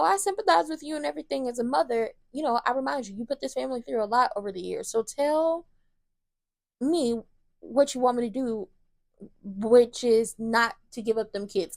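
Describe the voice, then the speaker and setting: A woman's voice: on the high side, a little fast, vocal fry, no echo, clean studio sound. A woman hosting a casual soap opera recap, blunt and opinionated, swearing freely as she retells scenes in quoted lines.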